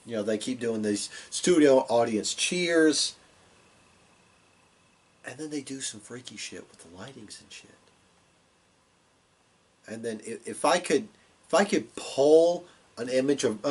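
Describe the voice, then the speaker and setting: A man's voice: medium pitch, husky. A man hosting a casual wrestling review show, rambling and swearing with lots of fillers. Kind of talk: casual chat.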